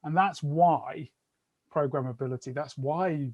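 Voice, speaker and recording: A man's voice: fairly high pitch, a little slow, darkish tone, lo-fi sound. A man hosting an interview, responding reflectively and thinking aloud as he talks. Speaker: podcast host. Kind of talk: conversational interview.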